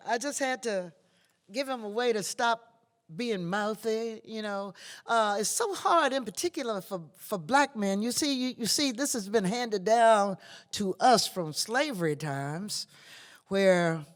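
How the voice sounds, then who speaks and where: An older woman from Virginia, a blues singer and guitarist, talking between songs in a wry, plainspoken, low-key storytelling manner with dry humor. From Virginia, USA. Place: museum performance venue. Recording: reverberant live hall with guitar.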